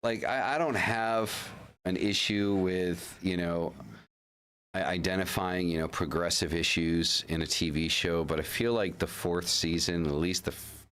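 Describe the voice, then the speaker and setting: A man with a deep, low-pitched voice hosts a livestream in relaxed, rambling chat. He often restarts his sentences and swears casually as he talks. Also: a little slow, smooth. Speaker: livestream host.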